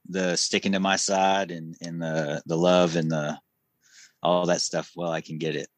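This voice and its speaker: A man in casual podcast chat, earnest and relaxed, laughing often. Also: sits low, moderate pace, no echo.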